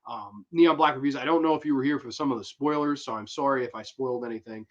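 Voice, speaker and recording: A man's voice: mid-range voice, fast. A young man hosting a horror movie review livestream, chatting casually and rambling as he answers viewers. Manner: rambling, slangy, reads chat aloud. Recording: dull lo-fi stream audio.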